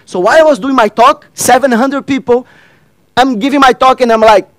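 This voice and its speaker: Man giving a workshop talk, very high voice, dry close sound, asks the crowd questions. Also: moderate pace, no room sound, poor audio. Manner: addresses and questions the audience, acts out dialogue; non-native grammar, repeats phrases. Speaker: workshop speaker. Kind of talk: interactive stage talk.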